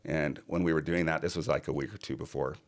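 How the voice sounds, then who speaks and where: A man's voice: rumbling low, steady tone, quick pace. A middle-aged man, a podcast guest, telling a personal story in earnest and acting out other people's lines.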